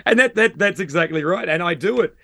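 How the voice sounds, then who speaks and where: A man with an Australian accent, a comedian guest on a panel, telling jokey stories in an animated way. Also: sits high, brisk, gravelly. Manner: animated, jokey storytelling with put-on voices. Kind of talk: comic panel banter.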